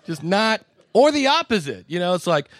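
A man's voice: sits high, normal speed, no room sound, a faint crowd. A man hosting a live conference session, critiquing podcasts in front of an audience with jokes and asides. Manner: animated, joking and wisecracking. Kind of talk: live panel commentary.

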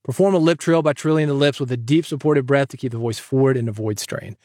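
A man hosting a podcast, giving advice in an energetic, chatty way that jokes with the listener. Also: mid-range voice, fast, no echo, clean studio sound. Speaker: podcast host and coach.

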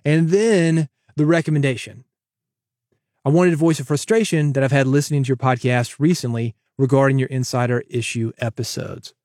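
A man's voice: mid-range voice, moderate pace, darkish tone, no echo, studio quality. A man hosting his own podcast, talking solo to listeners in a conversational, emphatic way that leans on repetition. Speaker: podcast host.

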